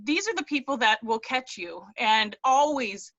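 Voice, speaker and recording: A woman's voice: fairly high pitch, animated, unhurried, fairly bright tone, no room sound, dull audio. A woman on a video call telling her story, earnest and close to tears, rambling with restarts. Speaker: team member sharing her story. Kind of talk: emotional testimonial on a video call.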